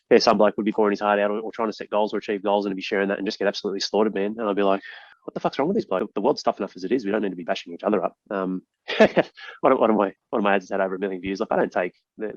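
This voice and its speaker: A low-voiced man rattles off his thoughts at great speed as a podcast host, swearing freely and restarting his sentences. The sound is dry and a bit dull, with no room around it. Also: dry recording. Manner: rapid, sweary and emphatic, with many restarts. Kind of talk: casual podcast interview.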